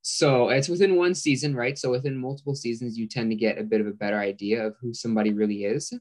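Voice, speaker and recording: A man guest explaining stats in a measured, casual way, often restarting his sentences. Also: medium pitch, steady tone, darkish tone.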